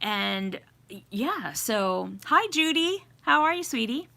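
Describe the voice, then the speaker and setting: A woman's voice: on the high side, very animated, slow pace, gravelly. Giggly chatty woman on a home livestream. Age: middle-aged. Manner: giggly, chatty, warm greetings to viewers. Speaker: livestream host. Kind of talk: casual live chat reading comments. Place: home with a fireplace.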